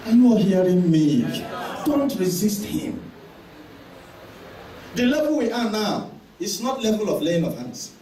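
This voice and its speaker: A male pastor preaching an impassioned sermon with heavy repetition and shouted declarations. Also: high voice, very animated, unhurried, pauses often, a little hiss or hum. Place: church hall. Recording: echoey church hall, mic at a distance, congregation audible.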